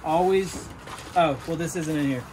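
A man hosting a storage unit vlog, talking loudly and excitedly to his viewers as he digs through boxes. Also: on the high side, normal speed. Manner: loud, excitable, talks to viewers. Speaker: storage unit reseller host. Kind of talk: excited casual vlog chat. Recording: loud background noise.

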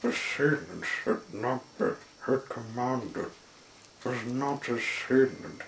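A man reads a storybook aloud at an extremely slow, deliberate pace, his voice gravelly with fry. The sound is roomy and echoey, with faint noise underneath. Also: mid-range voice, expressive.

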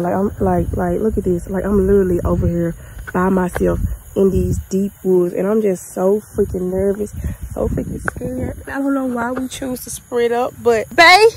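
A woman's voice: medium pitch, gravelly, mellow. A woman co-hosting a vlog outdoors at night, talking fearfully to viewers with lots of fillers. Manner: scared, chatty, lots of fillers. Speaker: vlog co-host. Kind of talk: casual vlog chat. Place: dark woods at night, outdoors. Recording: noisy outdoor phone recording. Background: crickets and insects.

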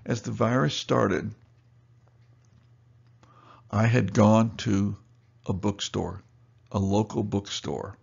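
A male store owner gives a seminar talk in a lowish, gravelly, husky voice with a darkish tone, and the recording's highs are cut off. He tells customer anecdotes, acting out both sides of each conversation.

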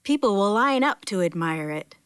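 An eager little rabbit girl in a storybook, earnest and polite, her voice crisp and close in a dry space, as a woman reads her aloud. She speaks brightly and sweetly. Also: mid-range voice, expressive, normal speed, no room sound, lightly acted.

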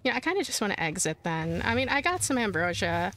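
Talking fast, with big swings in her medium-pitched, somewhat bright voice, a woman hosting a let's play works through a horror game. Her chat with viewers stays casual, broken by shrieks and giggles each time she's startled.

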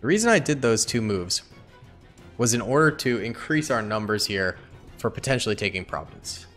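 A man's voice: on the low side, expressive, normal speed, a bit bright, soft background music. A young man giving casual gameplay commentary, chatting to himself and pleading with his units. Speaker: gaming YouTuber.

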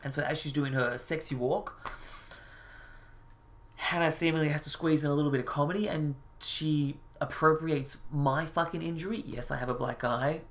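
A man's voice: fairly high pitch, normal speed, fairly bright tone, a little hiss or hum. A man hosting a reaction video, ranting with heavy profanity and exasperation. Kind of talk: ranting commentary.

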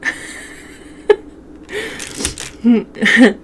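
A woman's voice: fairly high pitch, very animated, very slow, fairly bright tone, slight background noise. Chatty woman telling a camping story. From Wyoming. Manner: chatty, addresses viewers as y'all, laughs often. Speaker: mukbang vlogger. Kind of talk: casual storytelling to viewers.

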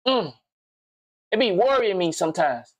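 A man's voice: high voice, moderate pace, no room sound. Man, casual reaction commentary, slangy rambling, dry close sound. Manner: slangy, animated, rambling and swearing. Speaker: gaming commentator reacting to a video.

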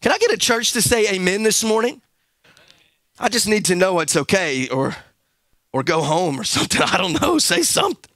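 Pastor, male, very high bright voice, emphatic sermon delivery, dry close sound. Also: big pitch swings, moderate pace, no room sound. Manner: emphatic preaching with repeated words, building to shouts. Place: church service.

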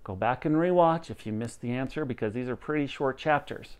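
A man reading a children's novel aloud chapter by chapter for students, expressive and animated. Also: mid-range voice, brisk, smooth. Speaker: audiobook reader for students.

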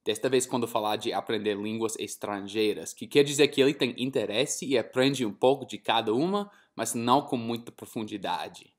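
A young man hosting an English lesson, interviewing a guest and explaining phrases in a clear, teacherly way. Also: medium pitch, a little fast, hardly any pauses. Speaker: language teacher and host.

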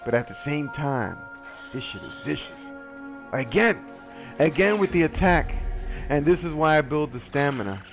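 With soft music behind him, a man with a fairly high voice talks at a moderate pace through a survival game. He jokes at his own expense, gets sidetracked easily, and excitedly yelps when he's attacked.

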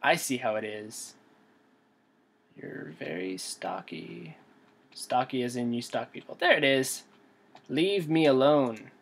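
Husky-voiced nervous young gamer guy. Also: mid-range voice, lively intonation, slow, pauses often. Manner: jumpy, nervous, talks to himself. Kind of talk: let's play commentary.

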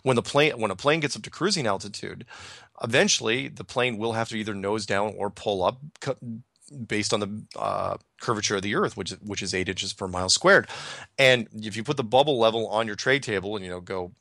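A man's voice: fairly low pitch, fairly quick, bright, forceful tone, dry recording, studio quality. A man hosting a call-in radio show, talking casually and rambling as he corrects himself and reads listener emails aloud.

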